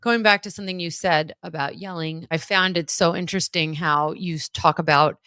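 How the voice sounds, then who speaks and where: A woman co-host chats casually, relating little anecdotes and often using "like". Her voice is notably low for a woman. The recording is dry and close. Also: fairly even intonation, fairly quick, pushed and bright, dry recording. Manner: chatty, relating anecdotes, filler "like". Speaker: podcast co-host. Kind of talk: casual podcast chat.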